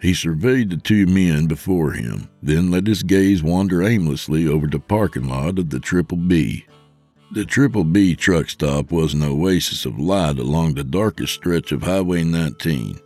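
A man narrating a scripted horror story for a podcast, in an expressive, theatrical way. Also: sits low, normal speed, no room sound, faint music behind.

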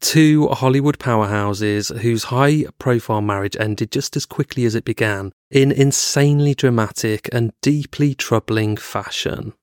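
A man's voice: medium pitch, unhurried, hardly any pauses, darkish tone, clear, resonant tone, no room sound, studio quality. A man co-hosting a podcast, chatting casually and swearing now and then, then reading scripted narration. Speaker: podcast co-host. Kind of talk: casual chat and read narration.

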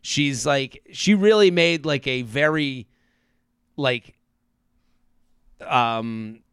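A man co-hosting a podcast in casual chat, talking fast with animated asides and acting out quotes. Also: mid-range voice, smooth, dry recording. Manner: animated, quick asides, acts out quotes in a flat robot voice. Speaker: podcast co-host. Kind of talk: casual chat recapping a reality show.

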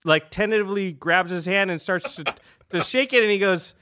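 A man hosting a podcast, telling a story in casual chat, animated and laughing often. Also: high voice, fairly quick. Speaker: podcast host.

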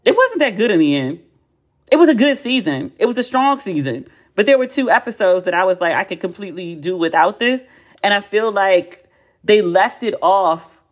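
An American woman in her forties talks casually as a podcast host at a middle pitch. She is outspoken and profane and leans hard into emphatic repeats. She sounds lively and unfiltered. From United States. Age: 40s. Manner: animated, blunt and profane, with emphatic repetition. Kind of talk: casual chat.

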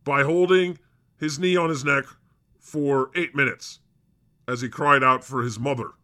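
A man's voice: medium pitch, steady tone, measured pace, pushed and bright. A man playing God as a cranky, sarcastic host of a comedy podcast who swears often. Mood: irritable, sarcastic. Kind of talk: improvised comedy podcast chat.

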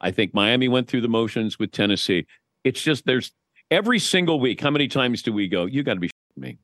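A man's voice: mid-range voice, expressive, fairly quick, a bit bright, no echo. A man in his sixties chats as a guest, telling stories with a wry, offhand humor and frequent restarts. His voice sits in a middle range, recorded close and dry in a studio. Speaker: guest sportscaster. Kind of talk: casual chat.

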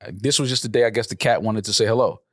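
A man's voice: fairly low pitch, fast, dry recording. Blunt, swearing male podcast host. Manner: blunt, exasperated, swears freely. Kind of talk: casual chat.

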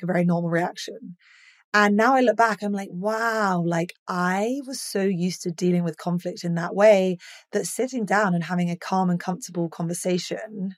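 A woman's voice: medium pitch, no room sound, studio quality. A young woman hosting a solo podcast, talking frankly and animatedly, swearing freely and acting out quoted rants. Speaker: podcast host.

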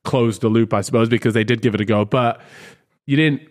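A man's voice: medium pitch, fairly even intonation, fairly quick. A man hosting a podcast, talking reflectively with many restarts. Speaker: podcast host. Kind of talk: podcast conversation.

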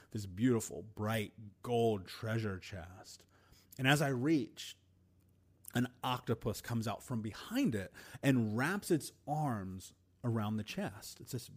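A man hosting a podcast and telling a personal story in an earnest, emotional way, with deliberate pauses. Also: on the low side, darkish tone. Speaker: podcast host.

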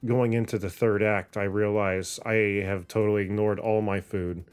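A man hosting a podcast in casual chat, animated, laughing often and swearing freely. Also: fairly low pitch, moderate pace, smooth, soft background music.

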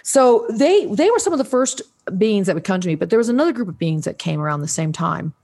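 A woman in her sixties, a podcast guest, telling a personal story in a lively way and acting out the voices of the people in it. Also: medium pitch, quick pace. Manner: animated, acts out quoted voices, restarts often. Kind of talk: casual storytelling interview.

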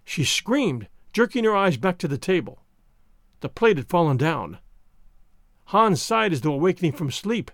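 A man narrating a novel as an expressive, dramatic audiobook reading. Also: high-pitched, moderate pace, no echo, studio quality.

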